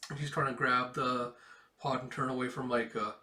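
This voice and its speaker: A man's voice: mid-range voice, level tone, moderate pace, bright, forceful tone. Emotional man retelling a comic. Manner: emotional, filler-heavy retelling. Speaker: comic reader. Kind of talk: casual comic read-along. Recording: roomy, distant mic.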